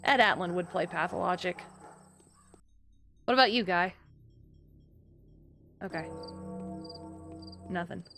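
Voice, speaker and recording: A young adult woman streaming a game live, chatting and muttering to herself with sudden high outbursts. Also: slow pace, pauses often, fairly bright tone, soft background music. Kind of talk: live gameplay commentary.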